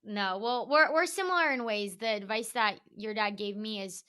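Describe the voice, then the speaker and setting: A young woman hosts a casual podcast conversation, eager and chatty, with "like" peppered through her speech. Her voice comes across bright and sharp. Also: medium pitch, normal speed, clean tone. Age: young adult. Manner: eager and chatty, heavy use of "like". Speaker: podcast host.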